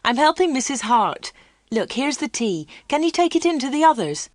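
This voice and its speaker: A woman playing a polite helpful teen girl in a storybook reading, a little higher than her narration. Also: very animated, normal speed, no echo, clean studio sound. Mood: friendly. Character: seventeen-year-old girl, polite and helpful.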